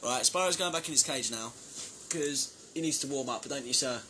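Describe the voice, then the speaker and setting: Bright-voiced young man live-streaming. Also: medium pitch, normal speed, slight background noise. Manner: bubbly, reads out fan names and gifts. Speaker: band member live-streaming to fans. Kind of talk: casual live stream chat.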